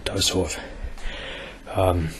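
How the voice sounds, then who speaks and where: A man's voice: low voice, little pitch movement, extremely slow, a little hiss or hum, poor audio. A man in his forties rambling hesitantly through a video diary, full of ums and restarts. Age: 40s. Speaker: vlogger. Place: outdoors near a busy bus station.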